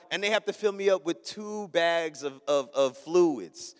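A man's voice: high-pitched, normal speed, hardly any pauses, long reverb tail. A young man preaching a sermon, telling a funny story and acting out the people in it. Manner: animated, acts out the people in his story. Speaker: pastor.

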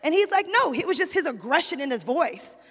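A woman with a high voice preaches to a church congregation, and her words ring out with a long echo through the hall. She tells her story with lively energy and keeps asking the congregation to respond. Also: brisk. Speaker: pastor's wife preaching. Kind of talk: sermon. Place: church sanctuary.

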